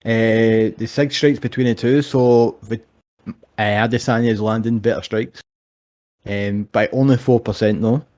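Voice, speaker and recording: A man's voice: fairly low pitch, steady tone, measured pace, a little mellow. A young Scottish man chatting casually about fights as a co-host, swearing freely and telling stories with animation. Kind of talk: casual sports chat.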